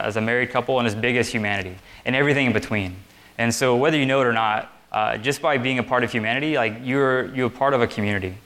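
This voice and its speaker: A young man preaching a casual sermon to a group seated on chairs. He talks in a relaxed, conversational way with lots of fillers. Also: mid-range voice. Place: meeting room with chairs.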